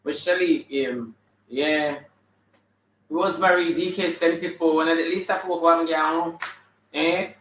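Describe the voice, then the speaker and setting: A man's voice: fairly high pitch, fairly even intonation, unhurried, slight background noise. A man doing a sassy Jamaican auntie in drag. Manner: flamboyant, shouting out viewers' names. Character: sassy female character in drag, full of attitude. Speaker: comedian hosting a live stream. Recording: echoey room, mic at a distance.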